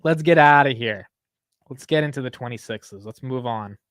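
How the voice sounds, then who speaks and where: A man's voice: medium pitch, moderate pace, a bit bright, no echo. Chatty young man, dry close mic. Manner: chatty, swears, laughs at himself, reads chat aloud. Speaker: stock market livestream host. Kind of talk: casual livestream commentary.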